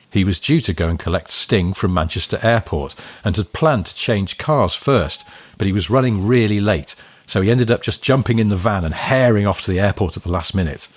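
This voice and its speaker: A man's voice: sits low, husky, no echo. A man co-hosting a podcast, reading a listener's email aloud and telling the story with frequent laughs. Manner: chatty storyteller, laughs often. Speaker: podcast co-host.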